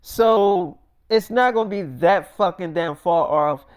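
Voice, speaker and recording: High-voiced man telling a slangy story. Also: slow, clear, resonant tone. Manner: casual, slangy, profane. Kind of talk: improvised freestyle storytelling.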